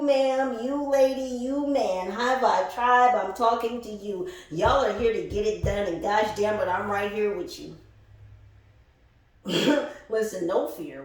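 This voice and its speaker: Laughing, profane woman in an echoey room. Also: a little high. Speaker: spiritual reader. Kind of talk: casual channeled reading.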